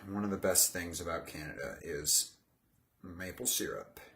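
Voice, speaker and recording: A man's voice: low voice, normal speed, fairly bright tone. A man chatting casually on a livestream as he builds something, wandering off topic and poking fun at himself. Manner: chatty, wandering, self-mocking asides. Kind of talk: rambling casual livestream chat.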